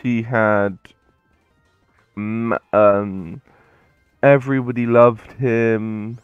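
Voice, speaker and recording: A man's voice: on the low side, level tone, extremely slow, clean tone, no room sound, highs cut off, soft background music. A man hosting a game playthrough, retelling a story in a rambling, hesitant way with many fillers. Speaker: let's play host.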